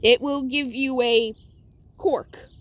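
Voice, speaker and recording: A woman voicing a calm, matter-of-fact robot sidekick in a homemade story. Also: high voice, slow pace. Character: helpful robot sidekick, amused.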